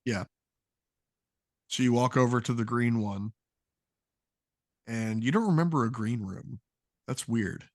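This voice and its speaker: Male game master, casual halting narration, dry close podcast mic. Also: mid-range voice, no echo.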